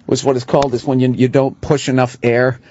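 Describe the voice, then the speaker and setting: A man's voice: mid-range voice, little pitch movement, a little mellow, slight background noise. A man who does stand-up, telling rambling stories in casual radio chat and quoting other people's voices. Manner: rambling, rapid storytelling with quoted voices. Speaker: stand-up comedian. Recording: dull studio sound.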